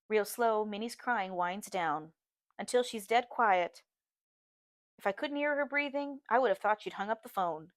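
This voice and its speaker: A woman reading a novel aloud in first-person narration, steady and earnest, close to the mic. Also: medium pitch, measured pace, no echo. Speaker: audiobook reader, teacher.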